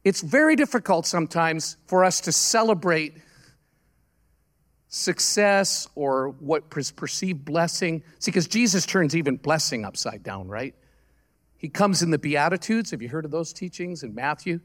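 A man delivers a sermon in a noticeably high voice. His delivery is conversational and earnest, full of stories told with halting restarts and self-corrections. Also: animated, a bit bright. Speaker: pastor.

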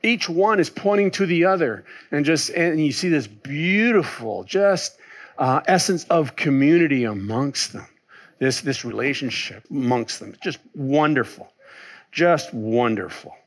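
Animated man preaching a sermon. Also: fairly high pitch, measured pace. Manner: animated, swings between loud exclaiming and soft musing; asks and answers his own questions. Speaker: pastor.

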